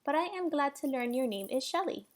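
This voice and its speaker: A woman voicing a calm, polite female robot who speaks formally and carefully. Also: sits high, fairly quick, pitched above the performer's own voice.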